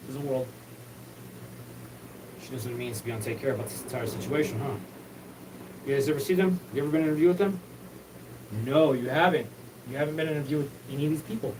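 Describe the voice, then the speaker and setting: A man's voice: fairly high pitch, far from the mic, background noise. A man hosting his own show, talking in a rambling, repetitive, profane solo monologue. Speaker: show host.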